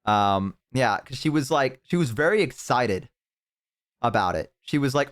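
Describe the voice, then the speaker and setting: A young man chatting casually on a live stream, telling stories and reading chat, swearing freely and jumping into loud excited bursts. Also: mid-range voice, normal speed.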